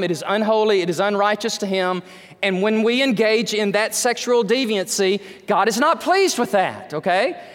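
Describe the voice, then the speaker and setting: A man's voice: sits high, a bit bright, long reverb tail. A man pastor preaching an emphatic sermon full of rhetorical questions, speaking in a church sanctuary.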